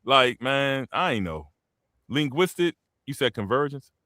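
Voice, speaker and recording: A man's voice: mid-range voice, a little slow, dry recording, clean studio sound. A man hosting a podcast, telling stories in a casual, slangy, profane way and acting out the people he quotes with laughs. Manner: animated, acts out quotes with laughs. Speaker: podcast host. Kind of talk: casual storytelling chat.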